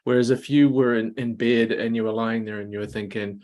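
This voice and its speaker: A man's voice: mid-range voice, fairly even intonation, a little fast, few pauses. Hesitant man thinking aloud in a group talk. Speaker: participant. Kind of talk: casual discussion.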